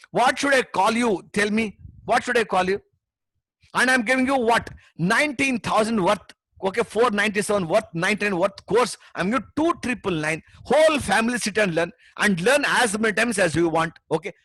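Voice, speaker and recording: A middle-aged man with an Indian English accent, giving a passionate, pushy webinar sales pitch as a memory trainer, full of tag questions. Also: lively intonation, fairly quick, bright, forceful tone, no echo.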